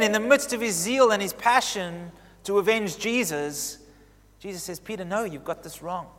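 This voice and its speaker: Preacher in a reverberant hall. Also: male voice. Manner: expressive storytelling, swinging from emphatic highs to hushed reflection. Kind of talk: sermon.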